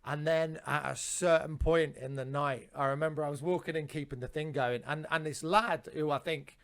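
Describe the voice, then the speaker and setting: A man's voice: fairly high pitch, fairly even intonation, normal speed, a bit bright. A man, a comedian telling rambling anecdotes on a podcast with frequent restarts and swearing. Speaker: comedian guest.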